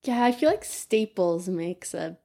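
An American woman in casual conversation, calmly reasoning her points one by one. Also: on the low side, unhurried. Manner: even-tempered, reasons point by point.

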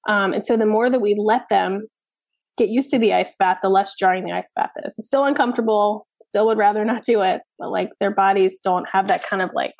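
Woman, parenting expert guest; blunt, lively, a little gravelly, dry podcast sound. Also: mid-range voice, brisk, no echo. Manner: animated, blunt, swears casually. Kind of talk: candid conversational interview.

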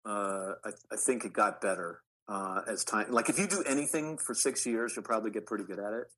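A middle-aged man talks as a guest, telling stories from his acting past with eager restarts. His voice sits a little low, bright and forward in tone, with a husky grain. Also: a little fast, low-quality recording. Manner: animated anecdotes with frequent restarts. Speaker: actor guest. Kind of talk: storytelling interview.

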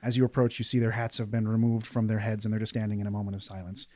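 A man narrating scenes as game master of a tabletop game, steady and descriptive. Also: fairly low pitch, rapid-fire, no echo.

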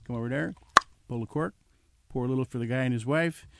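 A man's voice: medium pitch, fast talker, gravelly, heavy background noise. An older man casually telling a story from his working life, acting out the people in it and chuckling now and then. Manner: animated anecdote with acted quotes and chuckles.

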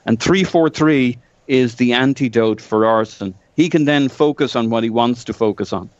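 A man giving a measured, analytical take on football tactics in a casual chat. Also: medium pitch, no echo, dull audio.

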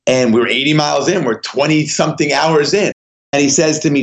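A man's voice: medium pitch, fairly quick, creaky. A man being interviewed, telling a story with energy and acting out the other voices in it. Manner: animated, acts out dialogue in voices. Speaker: guest. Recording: slightly dull lo-fi audio.

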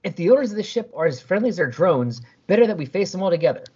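A stern female squad commander giving firm orders, as a man puts her on. The voice is pitched up and husky, with a dull, lo-fi sound. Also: sing-song, rapid-fire, a little mellow, exaggerated voice.

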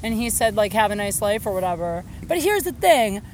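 A woman's voice: medium pitch, very animated, fairly quick, a little mellow, slight background noise. A woman in her thirties hosting a podcast, telling a personal story in a candid, giggly, casual way. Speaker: podcast host.

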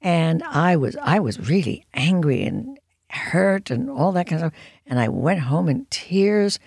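Animated woman in her nineties, gravelly. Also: deep voice, measured pace, dry recording, studio quality. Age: 90s. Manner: lively storyteller, acts out quotes, wry. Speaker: guest. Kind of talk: anecdotal interview storytelling.

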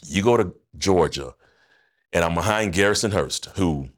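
A man in his fifties, a former football player, telling stories as a guest on a podcast in an animated, laughing, slangy way. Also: low voice, normal speed. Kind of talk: casual podcast storytelling.

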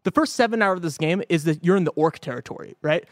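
A young man co-hosting a casual games talk show, animated and laughing, swearing often as he reviews a game. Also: fairly high pitch, fast talker, no echo, studio quality. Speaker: podcast co-host reviewing a game. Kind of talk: casual chat.

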